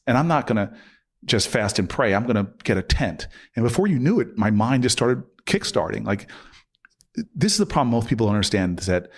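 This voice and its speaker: A man telling a story as a podcast guest, acting out quoted dialogue with sudden jumps up in pitch, and often restarting and repeating words. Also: husky. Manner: frequent restarts and stammered repeats. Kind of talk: animated storytelling in a podcast interview.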